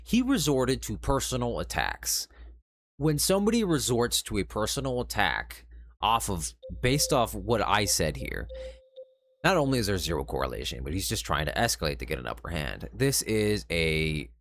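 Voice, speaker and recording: A man's voice: fairly low pitch, sing-song, moderate pace, no room sound. A male streamer giving casual commentary on an online argument and reading out the messages. He sounds sarcastic and lecturing, with exasperated sighs.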